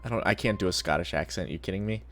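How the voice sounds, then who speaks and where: A man's voice: low-pitched, racing, a bit bright, soft background music. A man streaming a game, giving crude, joking commentary and swearing often. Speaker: gaming streamer. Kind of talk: casual gameplay commentary.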